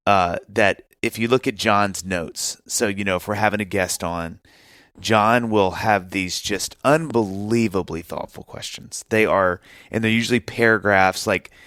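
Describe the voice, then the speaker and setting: A man's voice: fairly low pitch, fairly bright tone, dry recording, clean studio sound. A man co-hosting a podcast in casual chat, exuberant, rambling and poking fun at himself. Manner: exuberant, rambling and self-mocking. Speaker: podcast co-host.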